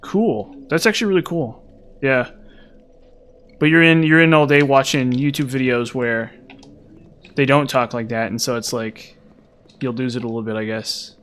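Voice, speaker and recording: A man's voice: mid-range voice, normal speed, long pauses, a bit bright, clear, resonant tone. A man with a mild Utah accent, chatting casually with viewers on a live stream. He rambles, repeats words and uses many fillers. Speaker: gaming streamer.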